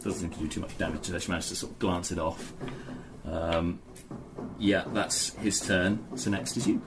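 A man narrating as game master, describing the action in a relaxed, rambling way with many fillers. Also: sits low, normal speed. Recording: noisy background.

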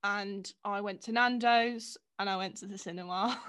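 A woman's voice: mid-range voice, steady tone, measured pace, fairly bright tone. A young woman co-hosting a casual chat, teasing and giggly, swearing now and then. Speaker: podcast co-host.

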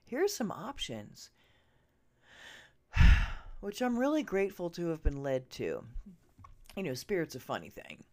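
A woman with a fairly low voice rants at her podcast listeners, her pitch leaping all over the place. She swears freely and jumps between loud outbursts and hushed, confiding asides, as if speaking right into their ears. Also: wildly swooping pitch, measured pace, long pauses. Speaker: podcast host. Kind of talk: ranting opinion monologue. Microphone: earbud listeners, close mic.

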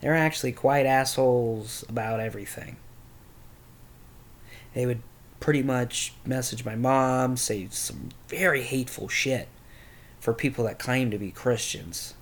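A man's voice: mid-range voice, a little slow. Candid young man telling a story. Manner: candid, rambling, with crude language. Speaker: podcast host. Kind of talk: personal storytelling.

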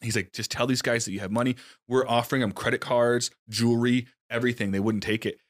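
A man casually telling a story on a podcast, jumping into high voices for the people he quotes and laughing and swearing freely. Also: steady tone, quick pace.

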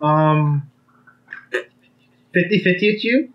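Hesitant game master, muffled audio. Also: male voice, a little high, slow. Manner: hesitant, many ums. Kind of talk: narrating a tabletop game.

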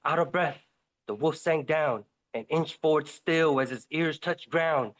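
A man's voice: on the high side, unhurried. A man narrating a rhymed fable in a dramatic spoken-word style. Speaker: host reading a poem.

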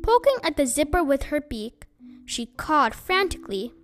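A woman reading a children's book aloud as host of her own storytime, in an expressive, animated way. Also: high-pitched, normal speed.

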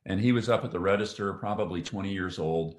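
Male podcast guest, lowish voice, emotional testimony storyteller, roomy echo. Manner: earnest, emotional, halting with restarts. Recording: echoey room.

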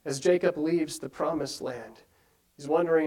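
Male preacher with a high voice, earnest sermon delivery, keeps posing questions to the congregation. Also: normal speed, darkish tone, poor audio. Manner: earnest, asks many rhetorical questions.

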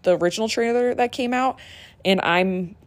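A young woman hosting a casual solo podcast, gushing and excitable, often restarting her sentences. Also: on the high side, moderate pace, no room sound. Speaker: podcast host.

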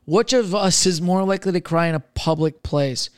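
A man's voice: high voice, moderate pace, clean tone, dry recording, clean studio sound. A young man in casual podcast chat, rambling with lots of fillers and swearing as he tells personal stories. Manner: rambling, profane, filler-heavy.

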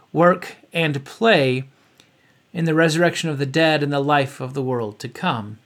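Man preaching a sermon, higher voice. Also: a little slow, fairly bright tone. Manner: earnest, reads from notes with asides. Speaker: pastor.

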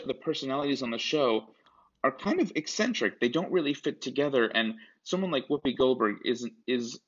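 Heard through a dull lo-fi recording, a man co-hosts a podcast in a loose, chatty way, full of restarts and side comments. His voice is mid-range and a bit bright.

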